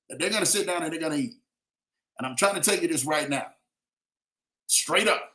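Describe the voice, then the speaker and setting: A man's voice: sits high, pushed and bright, echoey room. A man giving a casual, preachy motivational talk, addressing listeners directly with slang and repeated emphatic phrases. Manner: preachy, repetitive, rising to emphatic peaks. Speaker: motivational speaker.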